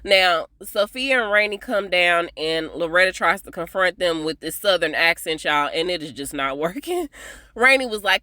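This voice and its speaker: A woman's voice: on the low side, moderate pace, no room sound, clean studio sound. Chatty woman recapping a TV episode. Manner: chatty, animated, often laughs, addresses viewers as y'all. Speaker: TV episode reviewer.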